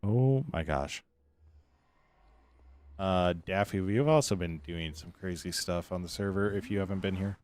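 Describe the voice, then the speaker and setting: Low-voiced man streaming, rambling chat. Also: fairly quick, few pauses. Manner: rambling, answers chat between remarks. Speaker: game streamer. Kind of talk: casual livestream commentary.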